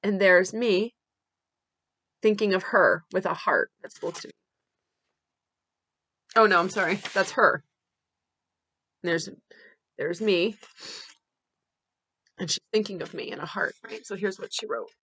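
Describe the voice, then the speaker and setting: A woman hosting a podcast, telling a personal story in a candid, conversational way with halting restarts. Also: medium pitch, fairly bright tone, dry recording. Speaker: podcast host.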